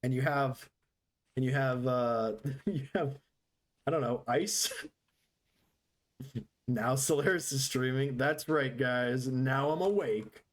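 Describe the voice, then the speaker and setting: Slow and full of pauses, this man's medium-pitched voice carries easy gaming-stream chatter. He jokes with his viewers, drifts off on tangents and leans on sarcasm while he plays.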